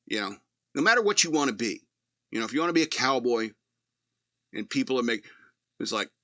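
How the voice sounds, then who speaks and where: A man's voice: mid-range voice, very animated, a little fast, long pauses, fairly bright tone, no echo, clean studio sound. A man hosting a talk radio show, reading news aloud and giving blunt, profane, sardonic commentary. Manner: blunt, sardonic, profane, laughs at his own jokes.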